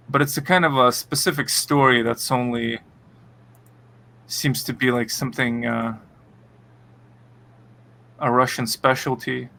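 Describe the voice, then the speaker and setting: A man talks casually as a podcast co-host, his voice bright and forceful. He stops and restarts often, leaning on fillers. A faint hiss sits under the recording. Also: medium pitch. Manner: halting, many fillers and restarts. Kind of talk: casual chat.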